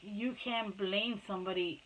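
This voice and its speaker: A woman's voice: mid-range voice, fairly even intonation, a little slow, a bit bright, a little hiss or hum, low-quality recording. A woman talking casually about her past, rambling with many restarts and fillers, sometimes slipping into Spanish. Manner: switches between Spanish and English. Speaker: mother telling her life story. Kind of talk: casual personal storytelling.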